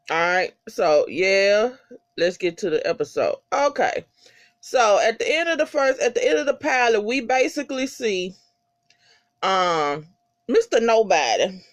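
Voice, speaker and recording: Episode recapper: loose and slangy, with lots of cursing and a lively, swooping pitch. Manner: animated, heavy swearing, slangy. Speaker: TV episode reviewer. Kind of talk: casual profane episode recap.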